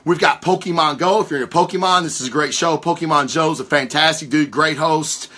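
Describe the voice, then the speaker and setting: A man's voice: fairly high pitch, fairly quick. A man hosting a casual comic-book news podcast, rambling and cursing freely as he rants from his home recording spot. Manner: profane, rambling, excitable. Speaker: podcast host.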